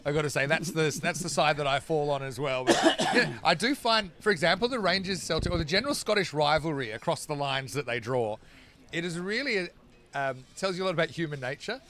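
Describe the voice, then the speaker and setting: A man from Australia, his voice on the high side, fairly bright, and expressive, talks a little fast while calling live cricket. He chats in the pauses between balls and breaks off when play resumes.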